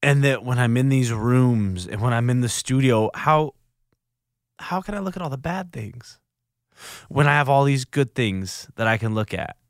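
A man hosts a solo podcast in a recording studio, earnest and reflective, often stopping to restart his sentences. His mid-range voice is animated, with no room sound.

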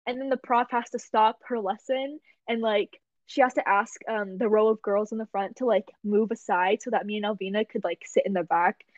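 A young woman hosting a podcast, telling a story in a casual, animated way with frequent laughs and filler words. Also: medium pitch, normal speed, few pauses, dry recording. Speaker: podcast host. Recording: dull lo-fi dry recording.

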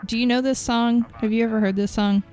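A woman in her thirties co-hosting a casual chat, relaxed and rambling, laughing often. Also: fairly high pitch, brisk, faint music behind. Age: 30s. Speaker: podcast co-host.

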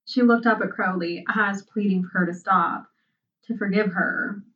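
A woman narrating a story aloud in an unhurried, soft-spoken way. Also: mid-range voice, steady tone, a little hiss or hum. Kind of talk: storybook reading. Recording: dull, distant sound.

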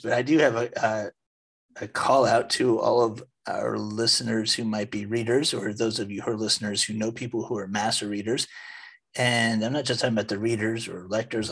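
A man's voice: on the low side, breathy edge. A man co-hosting a faith podcast, speaking emphatically with laughter, then reciting a prayer steadily. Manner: emphatic, animated, laughs often. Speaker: podcast co-host.

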